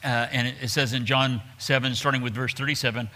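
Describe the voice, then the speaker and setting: A man teaching through a Bible passage from the pulpit. His voice is bright and forceful, yet he talks in an easy, conversational way, restarting phrases as he explains. He reads the verses aloud between his comments. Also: mid-range voice, level tone, fairly quick. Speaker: pastor. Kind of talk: expository Bible sermon.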